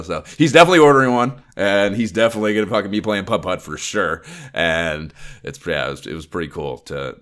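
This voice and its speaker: Deep-voiced man telling a rambling story. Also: fairly bright tone. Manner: rambling, profane storytelling with frequent laughs. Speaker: podcast host. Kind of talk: casual chat.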